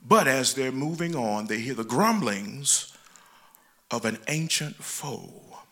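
A man delivering a church sermon in a mid-pitched voice. He talks with animated, rising and falling emphasis and draws out the key words. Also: takes it slowly. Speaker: lay preacher.

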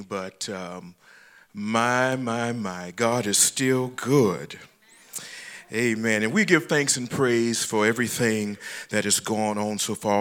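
A man giving a sermon as a lay preacher, with animated emphasis that rises and falls and slows on key words. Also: lowish voice.

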